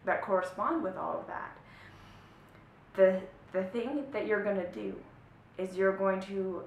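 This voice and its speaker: A woman coach gives a motivational talk, pressing each point hard and checking in with her listeners as she goes. Her mid-pitched voice rings in an echoey room. A faint low rumble sits under the recording. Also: vocal fry, a bit bright. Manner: emphatic, often checks in with "right?" and "okay?". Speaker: spiritual life coach. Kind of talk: motivational teaching to camera.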